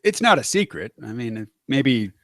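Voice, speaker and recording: An American man in casual conversation, explaining things in a measured way with hesitant fillers. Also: mid-range voice, sing-song, fairly bright tone, dry recording, clean studio sound. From United States. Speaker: conversation partner. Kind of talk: casual chat.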